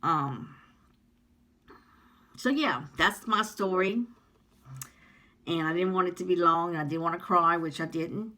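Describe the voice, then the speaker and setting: A heartfelt woman speaks straight to her viewers in a personal vlog. Her voice sits a little low yet sounds bright and forceful, and she rambles with frequent ums. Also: measured pace, pauses often. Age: 50s. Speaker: vlogger. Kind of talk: personal vlog talking to camera.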